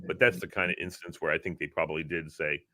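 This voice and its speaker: A man from Virginia, co-hosting a casual talk show, telling an animated story and acting out the quotes. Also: a bass voice, fast talker, no room sound, clean studio sound. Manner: animated, acts out quotes, laughs often. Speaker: podcast co-host.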